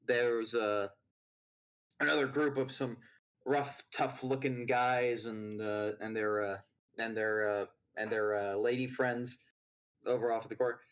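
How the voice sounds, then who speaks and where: A man's voice: mid-range voice, steady tone, measured pace, a bit bright, low-quality recording. A man narrating as game master in a tabletop game, loose and rambling with lots of fillers.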